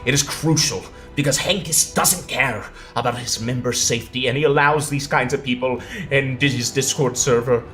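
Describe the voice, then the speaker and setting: A young man riffs through a reaction commentary, sarcastic and quick to swear, breaking into laughs between lines. His pitch sits mid-range for a man, and faint music plays underneath. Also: a bit bright. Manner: sarcastic, profane, often laughing. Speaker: commentary video host.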